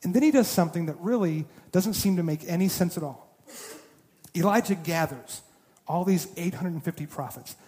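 A man with a high, mellow voice preaches a sermon, retelling the story with lively, acted-out quotes and a bit of humor. His voice carries a long reverb, as though he is in a large church sanctuary. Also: normal speed. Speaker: pastor.

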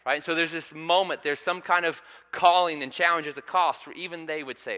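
A man in his thirties preaching a sermon in a church, telling a family story in a relaxed, conversational way. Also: a little high, fairly quick. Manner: conversational storytelling with frequent ums. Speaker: pastor. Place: church sanctuary. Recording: long hall reverb.

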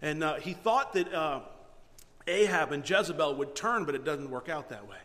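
Animated preacher in a reverberant hall. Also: male voice, fairly high pitch, normal speed. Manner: animated storytelling with frequent restarts. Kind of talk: sermon.

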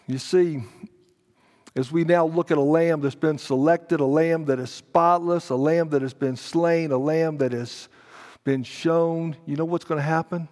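A middle-aged man, a pastor preaching a sermon, telling a story dramatically and swinging between hushed and loud. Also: fairly high pitch, fairly even intonation, unhurried. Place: church sanctuary. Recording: long church hall reverb.

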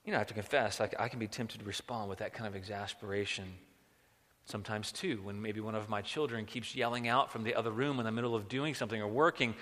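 A man's voice: on the low side, steady tone, fast talker, a bit bright. A man preaching a sermon as a pastor, talking conversationally and acting out quotes. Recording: long hall reverb.

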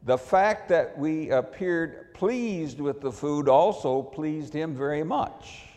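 A man's voice: fairly high pitch, darkish tone. A man preaching a sermon, telling a personal story in a wry, storytelling manner. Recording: long hall reverb.

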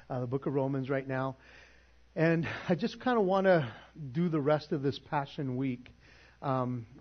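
A middle-aged man preaches from the pulpit in a slightly high voice, acting out the lines of others as he tells his story. The church recording sounds dull and lo-fi. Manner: animated storytelling, acting out quotes. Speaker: pastor. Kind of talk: sermon.

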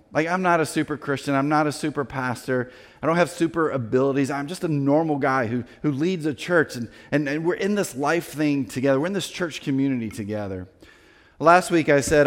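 Male pastor, storytelling sermon, acts out quoted voices, slightly high voice, long hall reverb. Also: fairly quick.

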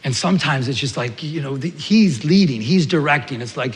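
A man preaching a sermon as pastor, telling everyday stories in an animated way and acting out little scenes. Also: medium pitch, a little fast, long reverb tail.

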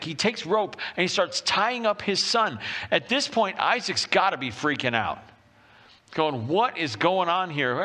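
Male pastor preaching, bright voice, acts out the story characters with lots of energy. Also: a little high. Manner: animated storytelling, acting out voices. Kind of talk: sermon.

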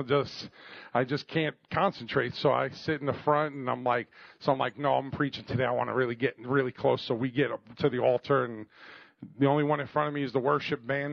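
Male pastor, middle-aged, gravelly, animated, jokey, calls for amens, dry muffled sound. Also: mid-range voice, dry recording. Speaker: preacher. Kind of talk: storytelling sermon.

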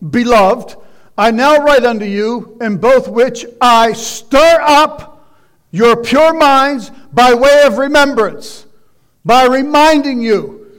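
A man preaching a sermon, loud and emphatic, shouting exhortations and dropping into quiet asides. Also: extremely high pitch. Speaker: pastor.

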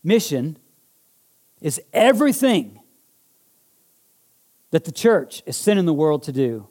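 A man's voice: a little high, warm tone. A male pastor preaching a sermon. He builds to fervent, emphatic repetition and leads the congregation in call-and-response.

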